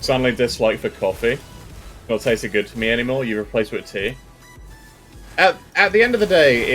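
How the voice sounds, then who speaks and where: A man's voice: mid-range voice, animated, brisk, fairly bright tone, faint music behind. A British man chatting casually with viewers while streaming a game, joking and rambling as he talks. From Britain. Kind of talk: casual live-stream chat.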